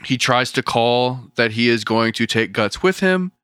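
A man's voice: medium pitch, lively intonation, a little slow, fairly bright tone, clear, resonant tone, no echo, studio quality. A young man co-hosting a podcast, casually recapping a manga with lots of swearing. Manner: laid-back, profane, retelling scenes. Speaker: podcast co-host.

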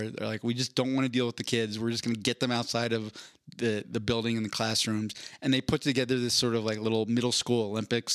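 A man's voice: medium pitch, no room sound, studio quality. A young adult man telling a rambling, self-deprecating story on a casual podcast, with many restarts. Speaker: podcast co-host.

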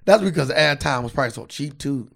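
This co-host has a creaky, medium-pitched voice, talks fast and sounds expressive. His casual podcast chat is loose and laced with swearing, with occasional facts read aloud from a screen.

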